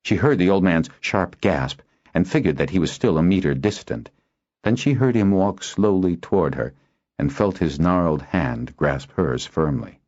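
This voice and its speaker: A man narrating a fantasy audiobook in a measured, expressive storytelling manner. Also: sits low. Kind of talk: scripted narration. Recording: dull lo-fi audio.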